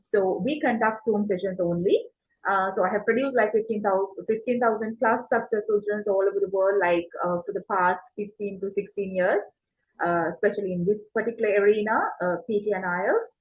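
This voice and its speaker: A middle-aged woman, an English test tutor, making a promotional pitch for her classes, filling pauses with 'like' and 'uh' and speeding through some phrases. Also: poor audio. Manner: hesitant, lots of 'like' and 'uh', quick bursts.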